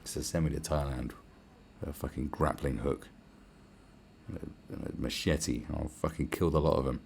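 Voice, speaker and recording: A man's voice: a bass voice, moderate pace, vocal fry, darkish tone, slight background noise. A man hosting a podcast, delivering a crude, sarcastic solo rant full of swearing and mocking put-on voices. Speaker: podcast host. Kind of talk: ranting monologue.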